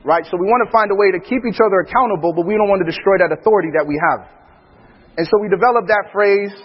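Husky high-voiced man in an echoey hall. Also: racing, highs cut off. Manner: animated storyteller who acts out his family's lines and laughs often. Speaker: father speaking alongside his wife. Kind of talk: church talk on parenting with anecdotes.

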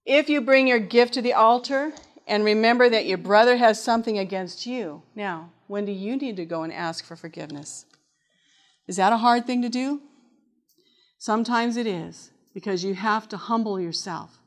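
A middle-aged woman delivers a sermon, her voice sitting slightly above the usual pitch. She speaks earnestly and reads scripture aloud. She often turns to her listeners with questions. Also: moderate pace. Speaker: preacher.

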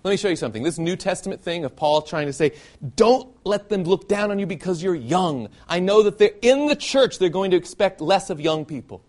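A man from the southern United States giving an animated sermon-style talk to young people and asking many rhetorical questions. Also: sits high, brisk. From Southern United States (Nashville, Tennessee). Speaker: youth speaker.

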